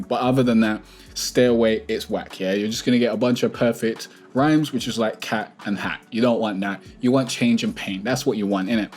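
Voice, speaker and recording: A man's voice: medium pitch, steady tone, a little mellow. Chatty man reading rhyme lists. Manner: chatty, reads word lists aloud rapidly, tags lines with "innit". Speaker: music producer and rap songwriting tutor. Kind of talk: casual tutorial with sponsor plug.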